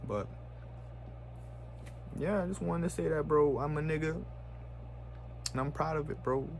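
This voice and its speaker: A man's creaky voice, on the high side and a little slow, carries a casual vlog rant with slight background noise. He sounds heated, leans on profane slang, and keeps saying "bro" and "you know what I'm saying."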